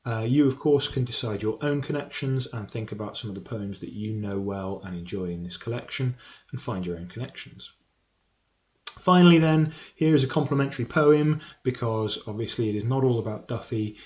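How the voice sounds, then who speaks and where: A man's voice: lowish voice, moderate pace, a little mellow. A man teaching English literature in a recorded lesson, explaining a poem with frequent ums and uhs and some self-correction. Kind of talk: recorded lesson on poetry analysis.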